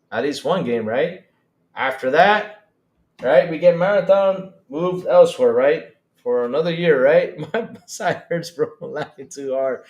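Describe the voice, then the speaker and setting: A man hosting a live-stream gaming podcast, loud and excitable, swearing often. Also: mid-range voice. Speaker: podcast host. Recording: roomy echo.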